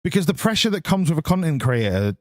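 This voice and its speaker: A man's voice: fairly high pitch, very animated, fast talker, darkish tone, no room sound, clean studio sound. A man chatting casually while streaming a driving game, rambling and swearing freely. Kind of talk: casual live-stream chat.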